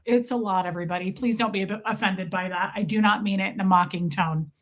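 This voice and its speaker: A woman's voice: medium pitch, steady tone, fast talker. A woman hosting a casual livestream, reading viewer comments aloud and answering them in a chatty, profane, teasing way. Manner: playful exaggerated teasing. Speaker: livestream host.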